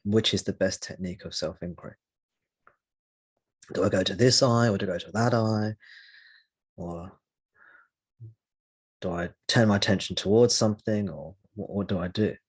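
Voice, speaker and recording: Man, very low voice, husky, spiritual teacher, slow reflective talk with pauses. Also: steady tone. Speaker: satsang teacher. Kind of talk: spiritual talk answering a question.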